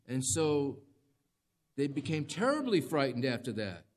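Man preaching a lively sermon. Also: medium pitch, unhurried. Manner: dramatic, conversational preaching with rising emphasis. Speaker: pastor.

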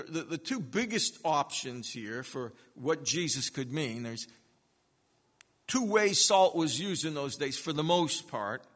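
A pastor preaching an expository sermon, earnest and measured, stressing key words through repetition. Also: male voice, a little high, fairly bright tone, in a large hall.

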